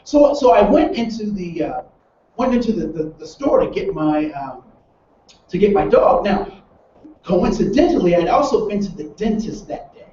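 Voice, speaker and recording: A man's voice: high-pitched, big pitch swings, normal speed, warm tone, a little hiss or hum. A man leading a training seminar, telling stories and asking his audience rhetorical questions. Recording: roomy, distant, dull sound.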